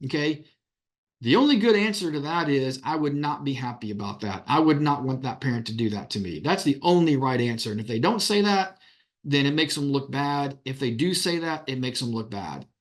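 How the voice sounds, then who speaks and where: A man, an attorney, giving a conference talk in a plain-spoken way, acting out the questions he puts to witnesses. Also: medium pitch.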